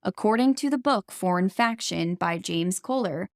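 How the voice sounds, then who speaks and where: A woman hosts a casual true-crime podcast with a gravelly, fry-laced voice. She talks bluntly, shares strong opinions and swears freely. The recording is dry and close, with no room sound. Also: medium pitch, expressive, normal speed, dry recording. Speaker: podcast host.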